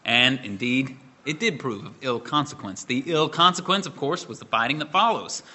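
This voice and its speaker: Bright-voiced preacher man, measured. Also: medium pitch, animated. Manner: measured expository preaching with rhetorical questions. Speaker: pastor. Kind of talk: sermon.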